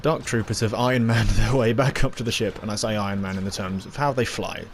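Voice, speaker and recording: A man's voice: on the low side, steady tone, fast talker, slight background noise. A man giving a casual, rambling spoken review, recapping scenes with lots of fillers and little acted-out quotes.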